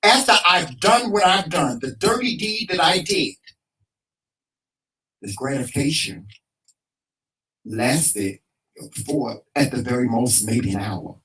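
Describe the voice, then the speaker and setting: A man's voice: fairly high pitch, expressive, slow pace, long pauses, a bit bright, distant mic, poor audio. A man co-hosting a casual talk show, frustrated and emphatic, repeating himself and swearing freely with a preacher-like cadence.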